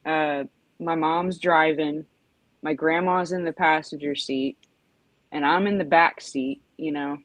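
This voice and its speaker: A woman's voice: sits low, fairly even intonation, measured pace, dry recording, poor audio. A woman in her forties telling a rambling story in casual chat, full of "you know" and "like", acting out yelps. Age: 40s. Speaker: podcast host.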